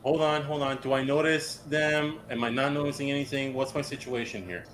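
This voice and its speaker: A man's voice: mid-range voice, fairly even intonation, brisk, a bit bright, a little hiss or hum. A man playing in a tabletop game, talking casually, eager and insistent, often stumbling over his first words. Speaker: player.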